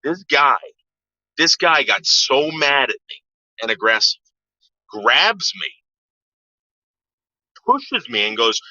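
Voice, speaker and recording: A man's voice: fairly high pitch, very animated, moderate pace, pauses often, sharp tone, dry recording. A man telling a story from his past in a casual, profane way, acting out the voices of the people he quotes. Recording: dull lo-fi sound.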